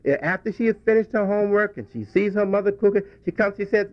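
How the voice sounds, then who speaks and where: Man, fairly high voice, folksy storyteller, repeats and restarts, muffled dry old recording. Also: fast, hardly any pauses, no echo. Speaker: religious speaker. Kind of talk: reflective talk to a congregation.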